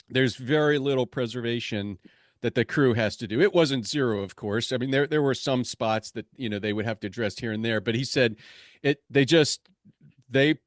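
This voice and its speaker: A man's voice: medium pitch, no echo, clean studio sound. Casual American male podcast host. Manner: storytelling, casual with fillers. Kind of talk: conversational podcast interview.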